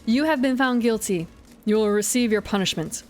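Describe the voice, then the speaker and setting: A woman's voice: a little high, normal speed, a little mellow, lightly acted. A woman reading out a game's imperious female judge in a put-on French accent, with grand, pompous pronouncements and faint game music behind. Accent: put-on French accent, slipping.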